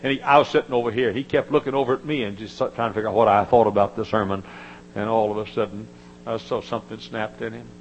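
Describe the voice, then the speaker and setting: An older man preaching a sermon, telling folksy stories and climbing into high, emotional quoted voices. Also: fairly even intonation, quick pace, dull audio, a little hiss or hum.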